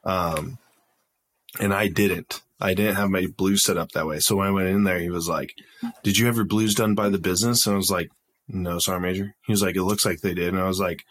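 A man's voice: low voice, fairly even intonation, brisk, a bit bright. A young man casually telling a profane, laughing story as a podcast guest.

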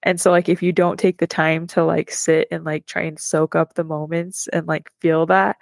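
A woman's voice: low-pitched, flat delivery, normal speed, gravelly, dry recording, studio quality. A young woman, a mother and podcast co-host, talking earnestly and reflectively in casual chat with many filler words.

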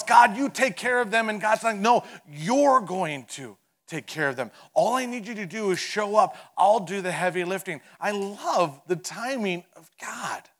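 A man preaching a sermon as pastor, telling the story in an animated way, joking with the congregation and swinging from loud to hushed. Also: a little high. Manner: conversational and playful with the congregation.

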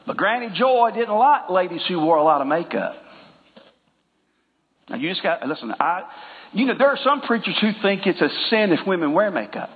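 A male pastor with a high, very animated voice delivers a conversational sermon, joking with his congregation and slowing down to stress a point. The sound carries the long echo of a church hall and comes through a narrow, phone-like line.

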